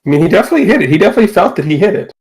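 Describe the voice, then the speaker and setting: A man's voice: high voice, rapid-fire, poor audio. Man running a tabletop game. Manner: relaxed, rules-focused, playful asides. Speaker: game master.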